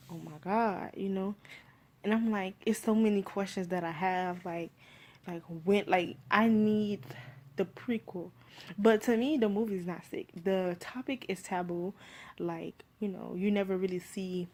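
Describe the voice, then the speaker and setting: Chatty Miami woman rambling about a film. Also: mid-range voice. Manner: rambling, heavy use of "like" and "you feel me"; animated when retelling scenes. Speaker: movie reviewer. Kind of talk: casual spoken film review.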